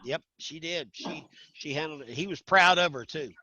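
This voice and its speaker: A man's voice: fairly high pitch, moderate pace. A middle-aged man from Arkansas, casually telling stories and acting out the voices in them. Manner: animated, acts out voices in anecdotes. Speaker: guest storyteller. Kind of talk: casual storytelling chat. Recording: dull lo-fi sound.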